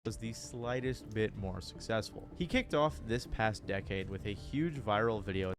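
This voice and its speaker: Casting: male YouTube narrator, low-ish voice, wry and steady, music bed underneath. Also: moderate pace. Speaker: documentary video narrator. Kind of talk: scripted narration. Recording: narration over background music.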